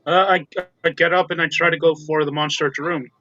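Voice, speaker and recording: A young male player talks in a casual, joking, slangy way during a tabletop game. His voice is high and bright. The audio is muffled and lo-fi. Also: fairly even intonation, a little fast, a little hiss or hum.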